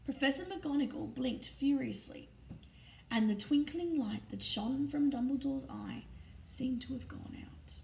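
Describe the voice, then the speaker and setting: A woman reading a storybook aloud in an expressive, often hushed narrating voice. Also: sits high, unhurried, gravelly, slight background noise. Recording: roomy echo, distant mic, faint ambience.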